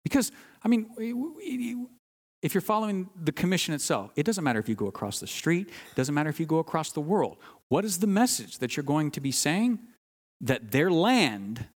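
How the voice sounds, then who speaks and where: A man's voice: a little high, long reverb tail. A man preaching a sermon, earnest and teaching, stressing key words and sometimes restarting phrases. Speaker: pastor.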